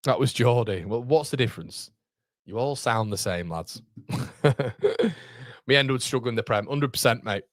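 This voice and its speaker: Bloke streaming a footy watchalong, yelling at the pitch then chatting to chat, lads and mate, dry close sound. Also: male voice, animated, normal speed, dry recording. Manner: shouts at the match, chats with viewers; uses British slang like lads, mate, muppets. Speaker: live-stream watchalong host. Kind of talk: excitable live football reaction chat.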